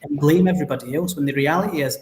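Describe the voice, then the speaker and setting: Scottish man, brisk emphatic councillor guest, echoey room. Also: fairly high pitch. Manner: forceful, emphatic, indignant. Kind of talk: political discussion on a talk show. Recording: roomy echo.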